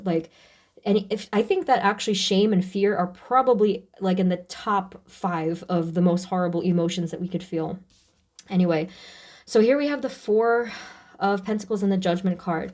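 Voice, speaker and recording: A woman giving a casual tarot reading, talking in a halting, emotional way with many fillers and restarts. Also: mid-range voice, warm tone. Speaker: tarot reader.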